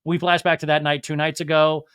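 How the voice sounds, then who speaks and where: A man's voice: fairly high pitch, brisk, smooth. A male podcast host recapping a reality show in a comic, profane way, often acting out what the cast said. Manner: animated, profane, jumps into exaggerated impressions.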